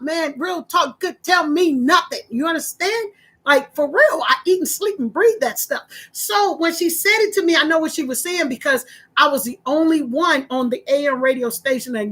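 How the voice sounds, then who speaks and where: A woman who once hosted a radio show, casually telling a story to her viewers and acting out the voices she quotes. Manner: animated, acts out quoted voices with big pitch jumps. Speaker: former radio host.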